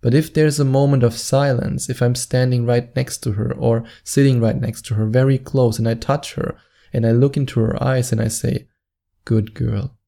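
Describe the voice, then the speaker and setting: Confident male dating coach with a dark, gravelly voice, for a straight-to-camera advice spot. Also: mid-range voice, level tone, moderate pace. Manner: confident and instructive, drawing out words for emphasis. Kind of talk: direct-to-camera advice monologue.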